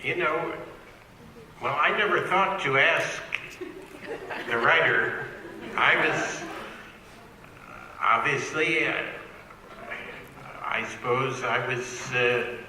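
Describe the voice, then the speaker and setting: A man on a convention panel answering a fan's question in a halting, thoughtful way, full of hesitations. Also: medium pitch, sharp tone. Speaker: panel guest actor. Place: large convention hall. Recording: echoey convention hall with noise.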